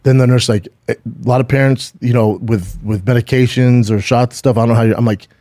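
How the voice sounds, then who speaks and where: A man's voice: mid-range voice, steady tone, a little fast, warm tone, no echo, studio quality. A middle-aged man co-hosting a podcast, telling stories in a rambling, profane, casual way with lots of restarts. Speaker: podcast co-host. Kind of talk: casual chat.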